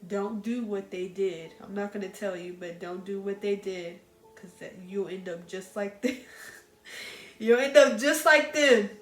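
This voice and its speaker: A woman chatting casually about books she recommends, animated and talking straight to her viewers. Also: mid-range voice. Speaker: book reviewer. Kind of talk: casual book recommendation chat. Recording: echoey room with faint music.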